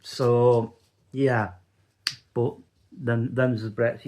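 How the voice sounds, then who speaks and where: A man's voice: mid-range voice, noisy background. Guy vlogging, takes his time, stumbles and repeats words. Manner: halting, repeats words when stuck. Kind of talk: casual personal vlog.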